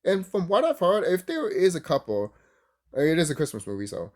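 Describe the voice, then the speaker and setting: A man's voice: on the high side, moderate pace. A man reviewing cartoons in a casual rant, swearing freely, laughing often and rambling with restarts. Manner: animated, profane, laughs often; rambling, restarts mid-thought.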